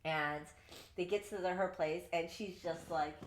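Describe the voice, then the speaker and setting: Animated swearing woman, echoey room. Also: on the low side, unhurried, slight background noise. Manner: animated, swearing, acts out characters' lines. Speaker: podcast co-host. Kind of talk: casual book review chat.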